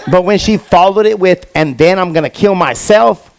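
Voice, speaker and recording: A young man does stand-up on a stage before a live audience, telling stories in street slang and repeating fillers a lot. His high voice is gravelly, at normal speed.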